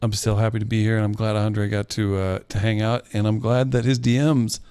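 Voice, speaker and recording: Smooth-voiced man in a dry room. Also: on the low side, little pitch movement, fairly quick, mellow, dry recording. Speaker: podcast producer. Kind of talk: casual chat.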